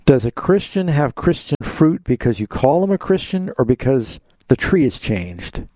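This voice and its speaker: A man's voice: mid-range voice, very animated, normal speed, warm tone, no room sound. A man hosting a live call-in radio show, answering Bible questions and leading callers with simple questions. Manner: pastoral, asks leading questions.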